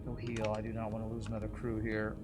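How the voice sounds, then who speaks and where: A man's voice: fairly low pitch, completely flat delivery, quick pace, over loud music. A man streaming a video game, commenting live in a frustrated, swearing rant while apologizing to the ship's designer.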